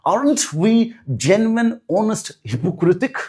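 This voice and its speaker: A man voicing a pompous British colonial-era official in a fake British accent, speaking slowly and loftily. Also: high voice, big pitch swings, a little mellow, pitched above the performer's own voice. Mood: lofty. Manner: slow, lofty, self-critical speechifying.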